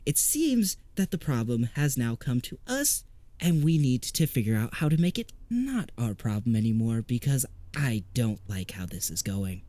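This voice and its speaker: A man voicing a fussy, high-strung middle-aged male paranormal podcaster who talks in a flustered, snippy way. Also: wildly swooping pitch, normal speed, warm tone, no room sound.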